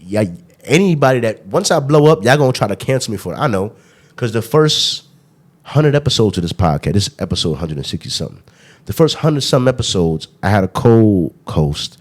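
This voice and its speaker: A man's voice: fairly low pitch, big pitch swings, brisk. A man hosting a podcast in casual chat, rambling with frequent laughs and fillers. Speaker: podcast host.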